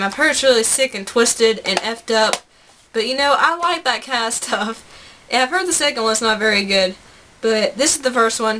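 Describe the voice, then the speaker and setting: A woman's voice: a little high, bright, forceful tone, slight background noise. A young woman vlogging about games she bought, chatty and bubbly, rambling with laughs and asides. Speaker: gaming vlogger. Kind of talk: casual chat to camera.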